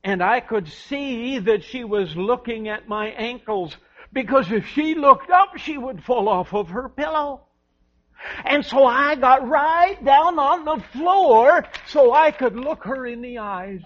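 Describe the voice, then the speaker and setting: A man giving a children's sermon, telling a story gently to the children. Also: extremely high pitch, expressive, slow pace. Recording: dull lo-fi recording.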